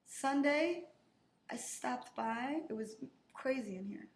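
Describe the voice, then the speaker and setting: A woman's voice: high voice, lively intonation, takes it slowly, slight background noise. Casual woman co-host, laughs easily, recorded in a roomy bar space. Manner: chatty, laughs often, upbeat. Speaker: podcast co-host. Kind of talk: casual chat. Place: back room of a bar. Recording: echoey room with faint ambience.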